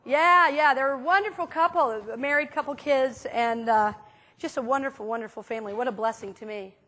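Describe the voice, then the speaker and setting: A woman minister preaches in a loose, chatty way, full of little fillers as she tells her stories. Her voice sits high and bright, and she talks to the room as if chatting with friends. It is a casual, animated sermon. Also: brisk. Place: church sanctuary.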